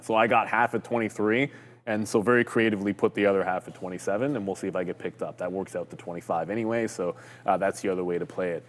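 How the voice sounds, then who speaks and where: A man co-hosting a live trading show keeps the market chat casual, cracking jokes and filling his talk with fillers. His voice sits low and fairly even, he speaks fast, and a long reverb tail trails his words.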